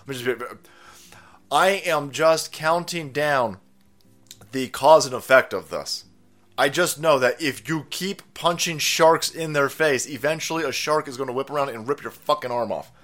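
A man's voice: mid-range voice, moderate pace, fairly bright tone. A man hosting a commentary show, ranting in a foul-mouthed, mocking way. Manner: foul-mouthed, mocking, laughs at own jokes.

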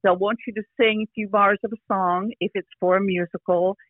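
An older actress chatting casually as an interview guest over a phone line, rambling with restarts and frequent "you know". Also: female voice, medium pitch, fairly even intonation, a little fast, no echo. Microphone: phone call.

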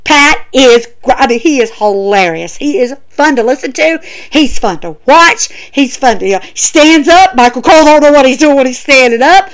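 A woman's voice: high voice, expressive, normal speed. A woman giving an emphatic, chatty wrestling show review, talking straight to her viewers. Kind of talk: casual opinion vlog.

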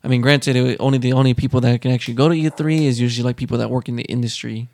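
A man co-hosting a podcast in casual chat, joking and chatty with drawn-out asides. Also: mid-range voice, steady tone, darkish tone, dry recording. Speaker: podcast co-host.

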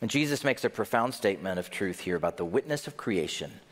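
A man's voice: on the low side, expressive, fast talker, long reverb tail. A man preaching a sermon, asking rhetorical questions and joking with his congregation. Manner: jokes with the congregation. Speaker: pastor.

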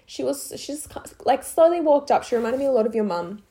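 A woman's voice: sits high, animated, a little fast, mellow. A young woman, co-hosting a casual chat and telling stories in a rambling way, full of "like"s and giggles. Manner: rambling storyteller, many "like"s, frequent giggles. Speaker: podcast co-host.

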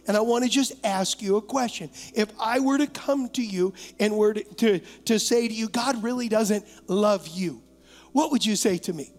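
High-voiced pastor preaching in a reverberant church. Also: male voice. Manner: lively, coaxing the congregation to talk back; acts out imagined voices and doubts. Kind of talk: sermon. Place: church sanctuary, live service.

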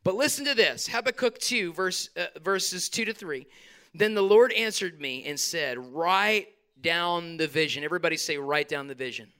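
A man delivers a lively sermon from the pulpit. His voice sits high and sounds smooth and clear. He swings between loud, fired-up bursts and quick, casual asides to the congregation. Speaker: pastor. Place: church hall.

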